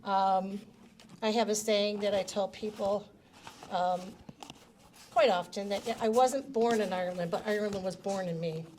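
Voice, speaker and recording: A woman's voice: mid-range voice, steady tone, a little slow, slight background noise. A woman giving a personal speech at a reception, telling family stories with fillers and light laughter. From United States. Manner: warm storytelling with laughs and fillers, gets emotional.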